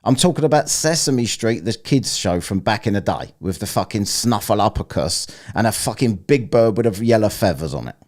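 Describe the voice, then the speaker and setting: A man's voice: lowish voice, lively intonation, moderate pace, few pauses. A man streaming, chatting crudely and teasing an AI companion. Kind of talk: casual chat.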